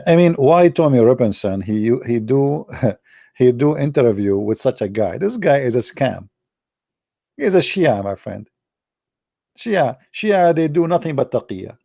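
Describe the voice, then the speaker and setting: A man's voice: medium pitch, gravelly, dark tone, no echo, clean studio sound. A middle-aged man, not a native English speaker, giving casual sarcastic commentary as host of his own show, repeating words and calling listeners "my friend.".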